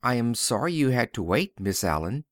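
A man reading the part of a shy, lonely young schoolteacher in a storybook, speaking softly and timidly. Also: medium pitch, very animated, normal speed, no room sound, clean studio sound, lightly acted.

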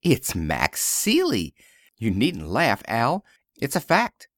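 A man reading the part of a bright, warm-hearted young woman in a storybook, speaking briskly and eagerly. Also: mid-range voice, huge pitch swings, no room sound, clean studio sound, full character voice.

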